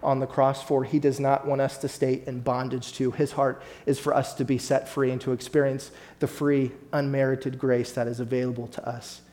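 Male pastor, mid-pitched voice, sermon delivery, builds emphasis, speaks straight to the congregation. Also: flat delivery, normal speed, hardly any pauses, darkish tone. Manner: preaching with rising emphasis, addresses congregation directly.

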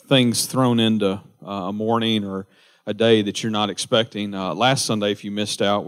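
Man, pastor, low-pitched and chatty; loose, rambling delivery full of restarts. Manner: rambling, lots of uh fillers and restarts. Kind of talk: informal church announcements.

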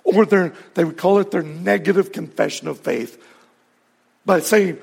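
A man's voice: sits high, normal speed, creaky, a little mellow, slightly rough, long reverb tail. A male pastor preaching a sermon earnestly, building to emphatic peaks.

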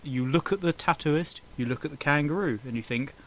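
A man's voice: on the high side, a little fast, a bit bright, a little hiss or hum, rough recording. A man narrating an improvised comedy story for a friend, often laughing at his own silliness. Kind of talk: improvised comedy podcast chat.

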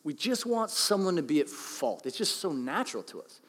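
A middle-aged man preaches in a relaxed, joking way, with a fairly high voice for a man. His voice rings out with a long reverb, as in a large church hall. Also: moderate pace. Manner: conversational, joking, animated. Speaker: pastor. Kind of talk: sermon.

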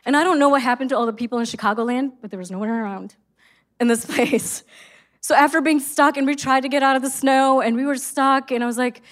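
A woman's voice: sits high, fairly quick. A middle-aged woman preaching a sermon, telling an earnest personal story and reading scripture. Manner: earnest storytelling, exclaims in quoted excitement.

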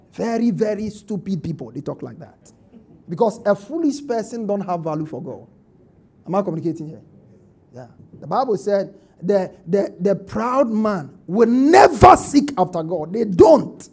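A man's voice: high voice, big pitch swings, normal speed, mellow, slightly rough. A middle-aged male pastor preaching a sermon in a church, emphatic and drawing call-and-response from the congregation.

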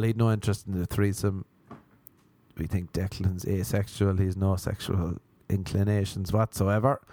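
A man's voice: lowish voice, a little mellow, no room sound. An Irish man telling a rambling, sweary comic story as host of his show. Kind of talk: comic monologue.

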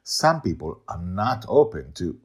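A man reading a guarded, prickly grown man who speaks sharply and accusingly, close to his own husky voice. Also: deep voice, big pitch swings, a little slow, heavily acted.

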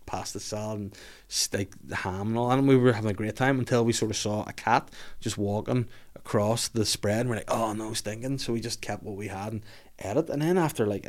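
A man hosting a podcast, telling a wild story in casual chat, swearing often and laughing as he goes. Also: fairly low pitch. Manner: swears a lot, laughs while telling stories. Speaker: podcast host.

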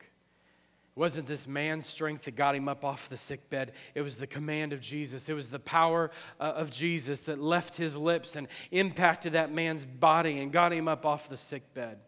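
A male pastor with a high voice delivers a sermon in a church sanctuary. He repeats his phrases for emphasis and moves between hushed and loud passages. The sound carries a long hall reverb. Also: normal speed. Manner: impassioned, repetitive preaching that swings from hushed to loud.

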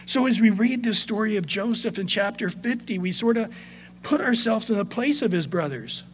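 A man preaching a sermon as pastor, conversational, moving between soft passages and emphatic points. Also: high-pitched, expressive, moderate pace, a little hiss or hum.

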